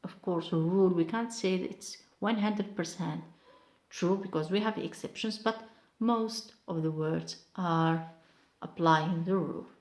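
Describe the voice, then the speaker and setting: A woman teaching an English lesson, explaining step by step in a careful, measured way. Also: fairly low pitch, a little mellow, echoey room.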